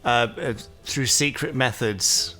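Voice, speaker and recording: Male podcast guest, mid-pitched, halting and coy, faint music behind. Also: sharp tone. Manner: coy, hesitant, teasing. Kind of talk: casual chat.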